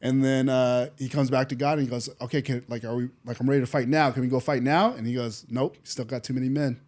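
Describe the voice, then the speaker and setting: A man hosting a faith podcast, chatting casually and retelling a Bible story with lively acted-out quotes. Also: medium pitch, quick pace. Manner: animated storyteller, acts out quoted voices, says "dude" often. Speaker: podcast host.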